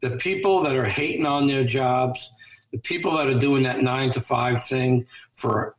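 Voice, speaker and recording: A man's voice: mid-range voice, moderate pace, echoey room, low-quality recording. A man speaking as a guest in an interview, giving earnest, motivational advice with a coaching tone.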